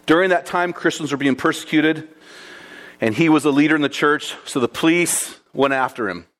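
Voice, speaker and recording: A man preaching a sermon, retelling a martyr story in a lively, conversational way. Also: fairly high pitch, moderate pace. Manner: lively, conversational, addresses listeners as guys.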